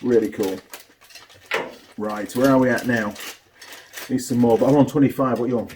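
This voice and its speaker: A man, a mechanic and video host, chatting and telling animated stories while building a kit. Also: medium pitch, moderate pace, noisy background. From New Zealand. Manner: chatty, animated storyteller with a laugh. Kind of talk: casual chat while building a model kit.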